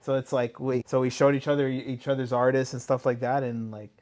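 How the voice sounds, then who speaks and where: A man's voice: mid-range voice, little pitch movement, a little fast, a little mellow. A man, a guest, chatting casually about his experiences in a rambling, enthusiastic way, filling gaps with "like". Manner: rambling and enthusiastic, heavy use of "like" and restarts. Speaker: tattoo client and guest. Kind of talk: casual interview chat.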